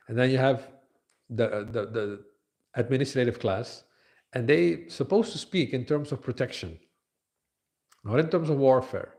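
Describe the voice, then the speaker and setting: A man giving a conversational scripture lecture at a temple, with frequent fillers and pauses. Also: mid-range voice, a little mellow.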